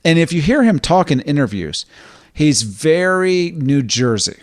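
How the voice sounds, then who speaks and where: A podcast co-host chats casually in a voice on the high side, very animated yet a little slow, thinking aloud and sometimes acting out lines in character. The recording is dry and of studio quality.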